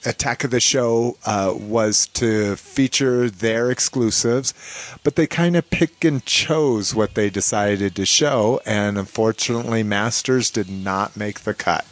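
A man's voice: fairly low pitch, a little slow. A man co-hosting a podcast, chatting casually about toys and laughing often between fillers. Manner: laid-back, laughs often, many fillers. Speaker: podcast co-host.

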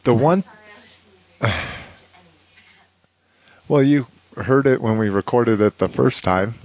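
A man's voice: mid-range voice, takes it slowly, darkish tone. A man co-hosting a podcast, chatting casually about toys and laughing often between fillers. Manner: laid-back, laughs often, many fillers. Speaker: podcast co-host.

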